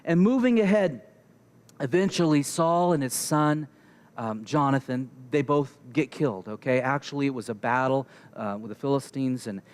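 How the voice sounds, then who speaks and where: A male pastor retelling a Bible story in an animated sermon, often checking in with the congregation. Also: mid-range voice, moderate pace.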